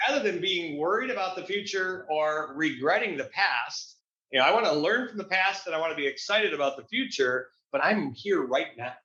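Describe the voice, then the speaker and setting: A guest business coach, this man talks at a moderate pace in a fairly high, bright, pushed voice with lively intonation. In a casual interview he's upbeat and motivational and keeps restarting phrases, and the echoey recording sounds dull and lo-fi.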